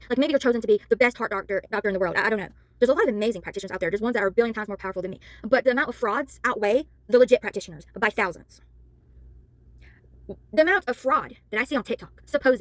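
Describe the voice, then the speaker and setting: A worn-out woman who works as a spiritual worker and tarot reader rants to camera, heated and exasperated, apologizing for yelling. Her voice is a little high, and the recording is dry.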